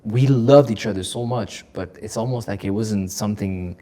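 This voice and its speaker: A man with a somewhat low voice speaks as a guest on a podcast. He tells stories with lively energy, doubling back on words and breaking into laughter. His tone is open and emotional throughout the conversation. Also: normal speed. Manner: animated storyteller, repeats words, laughs often. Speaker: comedian guest. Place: podcast studio.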